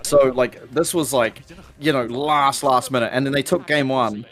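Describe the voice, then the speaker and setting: A man with a New Zealand accent co-casting a live esports match in a relaxed, chatty way, full of filler words. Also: mid-range voice, normal speed. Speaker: esports commentator. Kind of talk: casual live esports commentary.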